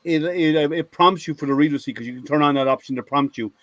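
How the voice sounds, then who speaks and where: On an online video hangout, an IT product manager at a software company tells rambling workplace stories to a group, restarting often. His slightly high voice is fast and fairly bright, recorded with no echo.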